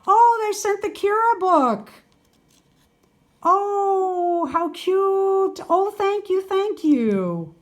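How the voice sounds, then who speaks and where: An older woman unboxing a parcel of doll items and gushing over each piece with delighted exclamations. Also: a little high. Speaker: doll collector vlogger. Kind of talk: unboxing video chat.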